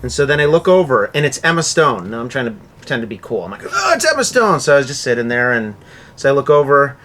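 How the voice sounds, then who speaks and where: A man's voice: medium pitch, fast, fairly bright tone, a little hiss or hum. A man from Buffalo, New York, a guest in a casual podcast chat, telling stories earnestly and with enthusiasm.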